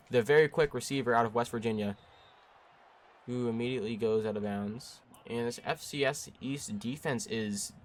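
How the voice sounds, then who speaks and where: A young man giving play-by-play commentary over his own video game, jumping between excited bursts and frustrated, flat stretches. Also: mid-range voice. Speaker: gaming YouTuber.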